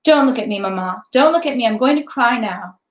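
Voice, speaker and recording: A woman's voice: fairly high pitch, animated, a little fast, natural voice. A woman voicing a restless, impatient young noblewoman who pleads in tearful outbursts. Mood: yearning. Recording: echoey room.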